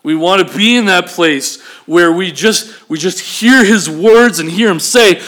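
Male pastor, animated sermon delivery, slightly high voice, asks the congregation questions. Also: unhurried.

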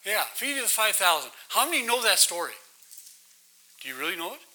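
Leading a Bible study, a man preaches conversationally, constantly questioning his listeners and checking in with "right?" in an interactive sermon. His high voice is very animated, brisk, pushed and bright, and the audio is poor.

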